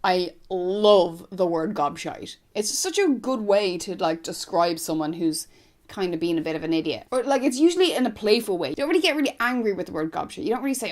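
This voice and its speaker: A woman's voice: mid-range voice, animated, a little fast. Young irish girl chatting to camera, rambly, lots of "like", voice bouncing all over. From Ireland, north County Dublin. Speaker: vlogger. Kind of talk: casual chat to camera.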